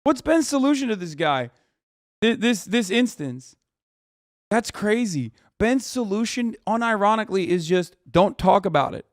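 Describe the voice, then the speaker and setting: A man streaming, commenting heatedly on clips in profane casual talk that rises into shouting rants. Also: high-pitched, big pitch swings, moderate pace, dry recording, clean studio sound.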